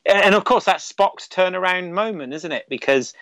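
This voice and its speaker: A man talks through a film he loves in a loose, rambling way, full of fillers and asides. His voice sits a touch high for a man. The sound is dry and close, with no room around it. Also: animated, normal speed, fairly bright tone, no echo, lo-fi sound. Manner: chatty, rambling, with frequent fillers. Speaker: podcast co-host. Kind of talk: casual film discussion.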